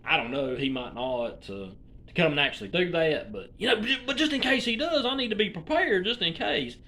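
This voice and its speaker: A man in his forties with a Southern Alabama drawl, talking off the cuff to his viewers. His voice sits a bit high and swings widely in pitch. It has a bright, sharp edge, and he rambles along full of cursing. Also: lively intonation, fairly quick. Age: 40s. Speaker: vlogger. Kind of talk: casual rant to viewers.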